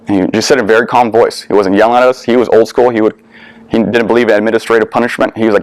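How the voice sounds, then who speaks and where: A man's voice: lowish voice, fast, no room sound. A young adult man, a veteran, telling a personal story to an audience in an earnest, candid way with casual swearing. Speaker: veteran speaker.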